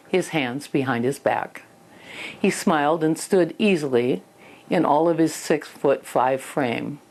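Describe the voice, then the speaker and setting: An older woman giving a parenting lesson, telling personal stories earnestly and acting out little scenes. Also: sits low. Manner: earnest storytelling, acts out scenes. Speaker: parenting teacher.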